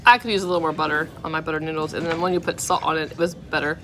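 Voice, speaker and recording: Chatty low-voiced woman reviewing food. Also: fairly even intonation, very fast, fairly bright tone. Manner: chatty, candid, rates each dish out of ten. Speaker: food vlogger. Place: restaurant dining room. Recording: restaurant background noise.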